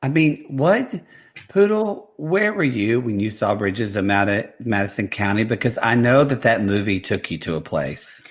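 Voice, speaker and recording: A man co-hosting a podcast from home at night, chatty and animated as he retells a reality show. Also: lowish voice, measured pace, breathy edge. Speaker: podcast co-host. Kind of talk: casual chat.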